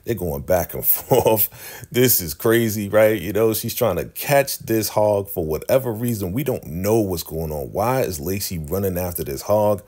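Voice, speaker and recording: A man with a fairly low voice talks through a TV episode in a loose, chatty recap. He stays animated throughout, acting out what characters said in shifting voices. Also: normal speed. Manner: animated, acts out quotes in changing voices. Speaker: video host recapping a TV episode.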